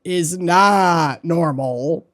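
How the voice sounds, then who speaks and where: A woman's voice: fairly low pitch, extremely slow, fairly bright tone, no echo, clean studio sound. A woman in her thirties with a Minnesotan accent, co-hosting a podcast; she talks bluntly and expressively while sick with pneumonia. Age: 30s. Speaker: podcast co-host. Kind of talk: casual chat.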